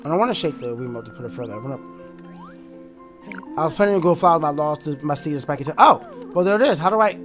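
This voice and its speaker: A man gives let's play commentary on a video game in a slightly high, chatty voice. He is excitable, bursts into shouts and half-sung lines when thrilled, and faint game music plays underneath. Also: fast talker, pauses often. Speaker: gaming YouTuber.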